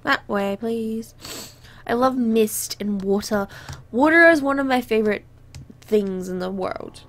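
A woman's voice: a little high, unhurried, a little hiss or hum. A young woman giving chatty let's play commentary, bubbly and easily distracted, often apologizing, and a little under the weather. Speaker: gamer.

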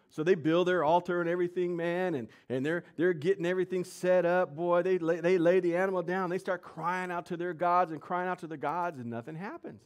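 Guy preaching a sermon, kinda high voice, slangy storytelling, asks the crowd questions. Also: normal speed.

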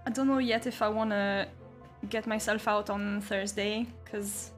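A woman's voice: mid-range voice, fairly even intonation, a little slow, soft background music. A young woman streaming while painting, chatting casually and reading out chat messages with frequent giggles.

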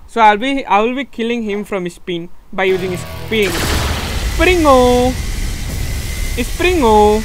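A young man from Nepal with a Nepali accent, streaming and commenting on his game live, excitable and laughing often, repeating words and switching between English and Nepali. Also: sits high, brisk, few pauses, over music. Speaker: gaming streamer.

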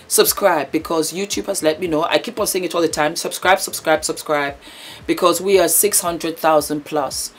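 Middle-aged woman vlogger, low voice, chatty and warm, given to animated exclamations. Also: normal speed, breathy edge. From Britain. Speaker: YouTube channel host. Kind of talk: casual vlog chat and story recap. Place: London.

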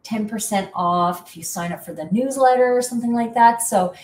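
A woman's voice: a little high, brisk, darkish tone, far from the mic, slight background noise. A middle-aged woman from Canada, hosting in a casual, rambling, chatty way. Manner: chatty, rambling, self-deprecating. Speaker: host. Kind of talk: casual chat. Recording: echoey room from off-mic.

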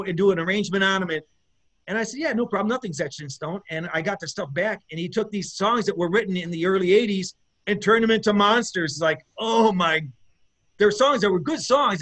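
A man, a bass player, chatting as an interview guest in a rambling, enthusiastic way with many fillers and restarts. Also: fairly bright tone. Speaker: guest musician, bassist. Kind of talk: casual interview chat.

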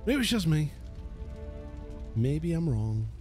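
Sarcastic gamer talking over game music. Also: male voice, fairly high pitch, sing-song, slow pace, a little mellow. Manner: chatty, sarcastic, swears freely. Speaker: let's play host. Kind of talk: casual gameplay commentary.

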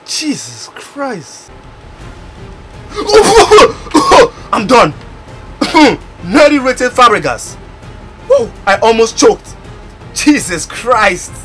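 A man with a very high voice gives gaming commentary as he opens packs. He is excitable and bursts into loud exclamations, with his pitch leaping all over. Between the outbursts his delivery is unhurried, with soft music behind him. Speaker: gaming YouTuber. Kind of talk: pack-opening gameplay commentary.

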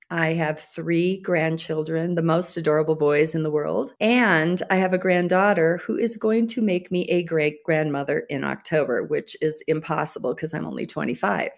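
A woman's voice: fairly low pitch, vocal fry. An older woman talking as a podcast guest, upbeat and self-deprecating, laughing easily. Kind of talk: conversational interview.

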